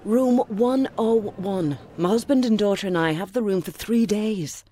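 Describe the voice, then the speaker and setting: A woman's voice: mid-range voice, a little slow, mellow, a little hiss or hum, natural voice. A woman voicing a confused young mother anxiously searching for her husband and baby, in a dubbed drama. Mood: pleading. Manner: pleading, repetitive.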